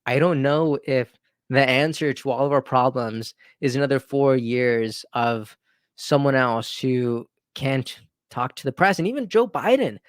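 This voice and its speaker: Here a male political commentary host runs his own video, chatting conversationally with frequent restarts and forceful rhetorical asides. He speaks at medium pitch, and the sound is clean studio audio without echo.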